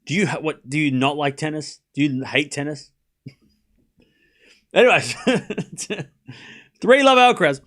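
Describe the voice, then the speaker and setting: A man's voice: fairly high pitch, lively intonation, measured pace, pauses often, a bit bright. Playful man streaming tennis commentary. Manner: playful, scolds chat, pleading. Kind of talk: live watchalong commentary.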